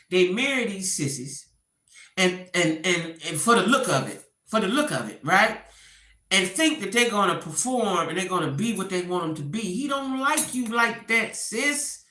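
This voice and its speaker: In a medium-pitched voice with a roomy sound, a woman gives casual gossip commentary. She tells the story with animation, acting out each quote.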